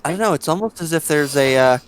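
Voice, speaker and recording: A man's voice: on the high side, expressive, quick pace, a little hiss or hum. A man helping a friend through a video game, dry and sarcastic. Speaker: game guide. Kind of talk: let's play co-commentary.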